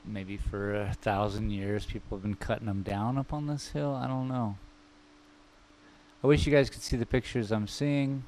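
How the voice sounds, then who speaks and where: A man's voice: lowish voice, darkish tone, slight background noise. A man streaming live as he paints, thinking aloud in a rambling, self-mocking way and chatting with viewers. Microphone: microphone.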